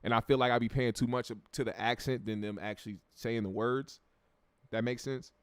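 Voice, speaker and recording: A man's voice: mid-range voice, fairly even intonation, normal speed, smooth, dry recording. An American man hosting a casual livestream, reading viewer comments aloud in a laid-back, profane way and repeating words while he thinks. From United States.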